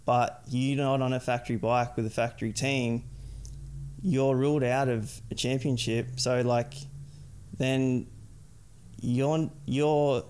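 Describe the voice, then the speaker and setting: A man's voice: medium pitch, fairly even intonation, slow, darkish tone, a little hiss or hum. A young adult man chatting casually as a podcast guest, rambling and filling his sentences with "like". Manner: rambling, heavy use of "like". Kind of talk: casual chat.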